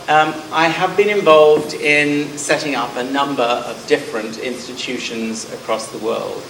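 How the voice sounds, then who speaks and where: A middle-aged man with a southern English accent speaks at a conference, wry about himself and full of hesitant ums. His voice sits at a medium pitch and is heard from some distance in a roomy hall. A faint hum runs underneath. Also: fairly bright tone. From Scotland. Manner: self-deprecating, frequent ums. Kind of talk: conference presentation.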